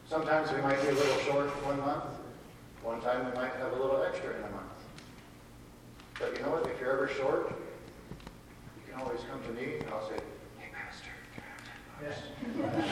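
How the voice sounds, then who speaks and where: Casual pastor talking to kids in an echoey church. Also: male voice, medium pitch. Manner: chatty, asks the children questions. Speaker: pastor giving a children's message. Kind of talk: casual children's sermon. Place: church sanctuary. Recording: distant echoey church with background noise.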